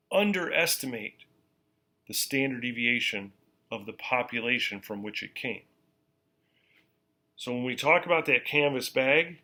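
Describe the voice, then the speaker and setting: A male university lecturer explaining statistics in a casual classroom lecture, repeating key points slowly and checking in with "okay?". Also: mid-range voice, bright, forceful tone.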